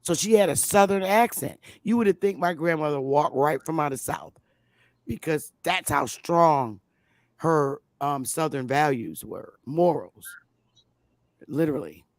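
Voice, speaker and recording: A woman hosting a casual talk show, talking in an animated, emphatic way. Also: low voice, unhurried, no echo, studio quality. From Connecticut, US. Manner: animated, emphatic, exclaims loudly. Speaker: host.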